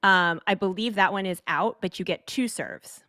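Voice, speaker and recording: A woman's voice: medium pitch, moderate pace, bright, forceful tone, no echo, studio quality. A woman in a casual film discussion, explaining what happens in a match at length, with many fillers and restarts. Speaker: guest film commentator.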